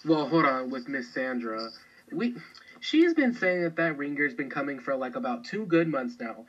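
A chatty man rambles through his opinions on a podcast, restarting his thoughts often. His voice is at a middle pitch. The recording sounds slightly dull and lo-fi. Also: big pitch swings, moderate pace. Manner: chatty, rambling, lots of fillers. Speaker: podcast co-host. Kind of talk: casual chat.

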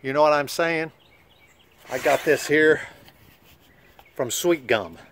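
A man's voice: fairly high pitch, takes it slowly, a bit bright, a little hiss or hum. A man playing a smug lawn-care boss. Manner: smug and insulting, rambling boasts. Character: arrogant, pompous male lawn-care company boss. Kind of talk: comedy sketch monologue.

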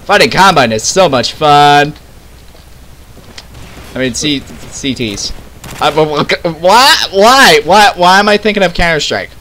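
A young man giving loud, excitable, swearing commentary as he plays a game. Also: on the high side, measured pace, long pauses. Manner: excitable, swearing, laughing a lot. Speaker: gamer. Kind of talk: let's play commentary.

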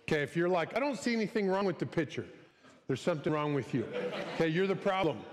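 A man's voice: a little high, animated, fast, crowd noise. A man preaching a casual, conversational sermon as a pastor, often acting out short quoted voices. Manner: chatty, conversational, acts out little quoted voices. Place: church sanctuary. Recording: church hall with long reverb.

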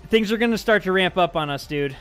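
A man with a fairly high-pitched voice hosts a casual gameplay session, upbeat and chatty as he walks his friend through the mechanics. Faint music plays underneath. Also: lively intonation, fast. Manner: upbeat, explains game mechanics. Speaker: host and map maker.

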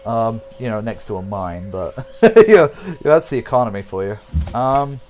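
Animated man commentating a strategy game. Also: mid-range voice, normal speed, crowd noise. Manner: jokey, rambling, talks to the viewers. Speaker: gameplay commentator. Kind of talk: casual let's-play commentary.

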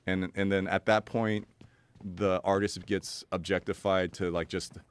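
A man's voice: low-pitched, little pitch movement, unhurried, clean tone. A man in casual chat, telling long rambling stories about money and art with lots of fillers and laughs. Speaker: guest.

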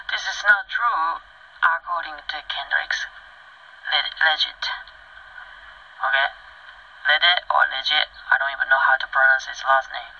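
A woman's voice: deep voice, steady tone, unhurried, long pauses, slightly rough. A woman vlogger reads a news story aloud and keeps cutting in with blunt, combative remarks, heavy on swearing. She often drops into a whisper. The sound is muffled and lo-fi, with a close, dry feel and no room echo. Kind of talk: reading a news article aloud with ranting commentary.

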